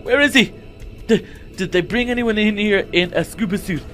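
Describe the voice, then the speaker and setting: A man's voice: high-pitched, normal speed, a bit bright, soft background music. A man voicing an anxious, talkative young male shark hero in a Minecraft role-play, stammering and rambling when scared. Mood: flustered rambling.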